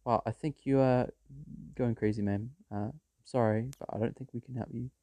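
A man's voice: mid-range voice, fairly even intonation, moderate pace, mellow, no room sound, natural voice. A man playing a doubtful police officer. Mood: dismissive. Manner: doubtful, dismissive questioning. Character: skeptical male police officer on the phone.

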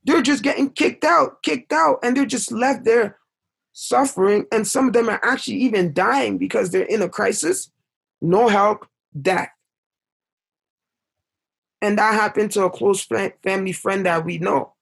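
Young male guest, gravelly and a bit high, impassioned storyteller, rises when upset. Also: measured pace, long pauses. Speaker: podcast guest. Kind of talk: emotional storytelling in conversation.

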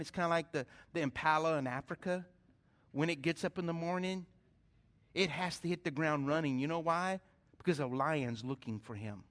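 Middle-aged male pastor, high, bright voice, animated storyteller from the pulpit. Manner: animated storytelling, questions to the congregation. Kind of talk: sermon.

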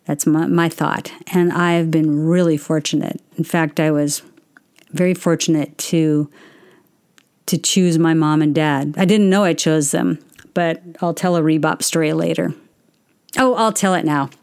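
A woman's voice: sits low, fairly even intonation, measured pace, a little mellow, smooth. A middle-aged woman casually chatting and telling stories to viewers, answering their questions. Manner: chatty, storytelling, self-interrupting. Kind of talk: casual livestream chat.

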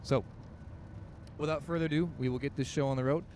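A man hosting a podcast, introducing each story with upbeat, brisk hand-offs. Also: mid-range voice, steady tone, darkish tone, slight background noise. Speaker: podcast host. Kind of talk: casual introductions.

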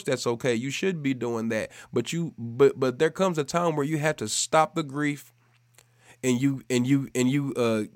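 An earnest man in his thirties delivers a sermon, repeating key phrases and rising into fervent exhortation. His voice sits in an ordinary middle pitch and sounds close and dry, with no room echo. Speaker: preacher.

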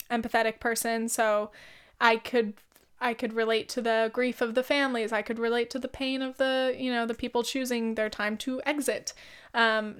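A woman's voice: fairly high pitch, fairly bright tone, clear, resonant tone. A young woman hosting a casual solo podcast, chatty and candid, swearing freely and laughing often. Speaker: podcast host. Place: lives in the UK.

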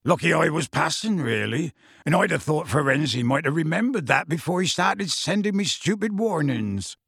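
A man reading a story aloud, voicing a huge, gruff, worried gamekeeper who talks in clipped, colloquial bursts. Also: fairly high pitch, sing-song, a little slow, a bit bright, no echo, clean studio sound, full character voice.

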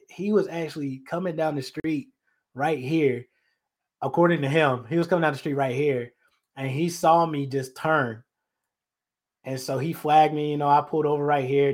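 Slangy storyteller man. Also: mid-range voice. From North Carolina. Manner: loose, slangy storytelling with many asides to listeners. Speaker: podcast host and life coach. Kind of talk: casual storytelling. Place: out on location in his childhood neighborhood.

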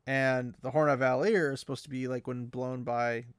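A young man co-hosts a podcast, chatting loosely with lots of fillers and laughter, and sometimes reads passages from a novel. His pitch is mid-range and his voice is recorded close and dry. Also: steady tone, moderate pace, smooth, no room sound. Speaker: podcast co-host. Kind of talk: casual chat and reading a novel aloud.

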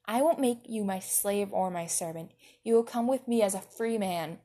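Gruff dragon king, read by a woman. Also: medium pitch, normal speed, warm tone, lightly acted. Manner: blunt, curt, swearing. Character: gruff scowling dragon king, young man.

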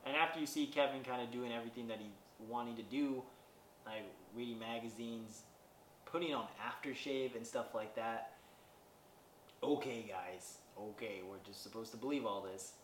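A podcast host casually recaps a movie, rambling with plenty of fillers and wry asides. His mid-range voice moves at normal speed, and the recording sounds roomy and distant from the mic, with faint background noise.

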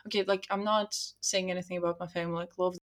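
A young woman in casual conversation, telling animated stories and acting out the voices of people she quotes. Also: lowish voice, fast talker. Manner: animated storyteller, acts out quoted voices, many likes. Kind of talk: casual chat.

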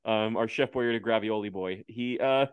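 A man's voice: on the low side, smooth, no echo, lo-fi sound. A man co-hosting a casual podcast chat, joking and giggling often as he talks. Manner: giggly, jokey, quick asides. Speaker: podcast co-host.

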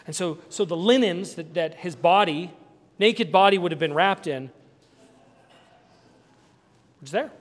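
A male pastor giving an Easter sermon in a conversational, animated way, with asides and small jokes. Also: a little high, in a large hall.

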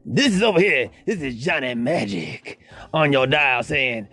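Man doing a brash radio-jock character, profane hyped slang, slightly husky, faint music behind. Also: medium pitch, very animated, unhurried, bright, forceful tone, full character voice. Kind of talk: voice-message banter.

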